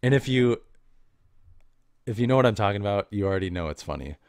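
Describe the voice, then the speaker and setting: A man with a lowish voice hosts a casual podcast, drifting from story to story in slangy, unhurried talk. His pitch swings widely as he laughs at his own anecdotes, and the sound is dry and close. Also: expressive, darkish tone, no room sound. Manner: loose, slangy and meandering, with many fillers. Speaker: podcast host. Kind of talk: casual rambling monologue.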